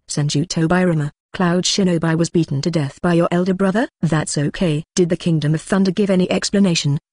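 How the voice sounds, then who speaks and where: A flat text-to-speech voice reading the lines of a hot-tempered male ninja elder, with no change of tone for the character. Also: medium pitch, brisk, no room sound, clean studio sound, lightly acted. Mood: angry.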